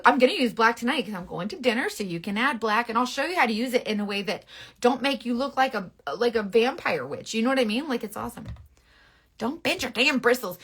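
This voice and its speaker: Her voice is bright, twangy, and a touch high as she guides viewers through a makeup tutorial on camera. Frank and bossy in a playful way, this makeup influencer keeps tossing in quick asides.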